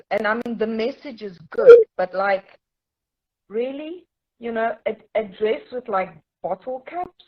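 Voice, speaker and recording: A woman's voice: on the high side, measured pace, lo-fi sound. A young woman, a fashion designer guest, chatting in an amused, easygoing way. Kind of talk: casual chat.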